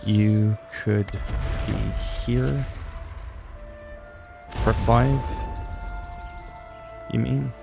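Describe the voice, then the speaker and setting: A man's voice: mid-range voice, steady tone, drawn-out words, creaky, long pauses, over music. A man in his forties chatting casually on a game livestream, rambling, with crude joking asides. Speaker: game streamer.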